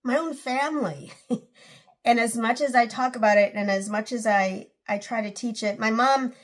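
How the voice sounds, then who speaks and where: A woman's voice: a little high, steady tone, moderate pace. A woman in her forties hosting a casual personal vlog, talking in a rambling, earnest way with many restarts, and emotional at times. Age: 40s. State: emotional, close to tears. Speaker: channel host.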